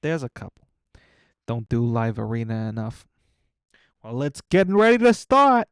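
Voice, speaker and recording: Excitable male gaming streamer, lively pitch. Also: normal speed, clear, resonant tone, no echo, clean studio sound. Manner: excitable, incredulous teasing of viewers; rambling with restarts when stressed. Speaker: streamer reviewing viewer accounts. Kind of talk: live gaming stream commentary.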